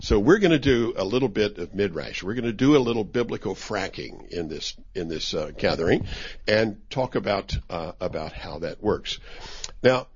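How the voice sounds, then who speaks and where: A man's voice: lowish voice, animated, normal speed, slight background noise. A man giving an informal Bible study talk in a conversational, wry way, with many restarts. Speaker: teacher. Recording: dull lo-fi recording.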